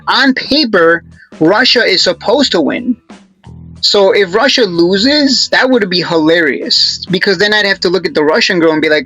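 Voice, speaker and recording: A man's voice: high-pitched, sharp tone, slightly rough, rough recording. A man hosting his own channel, giving casual stock chart commentary in a rambling, joking way with lots of restarts.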